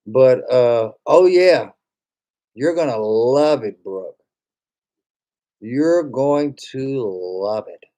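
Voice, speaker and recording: A man's voice: mid-range voice, expressive, extremely slow, pauses often, mellow. A man chatting casually as a streamer, joking and swearing as he reads viewers' comments aloud. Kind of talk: casual chat.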